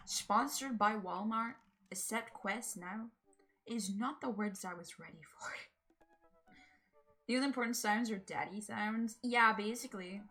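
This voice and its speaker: A woman's voice: medium pitch, fairly bright tone. A woman streamer chatting casually during a game, chatty and laughing, swearing freely. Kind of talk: casual gaming livestream chat.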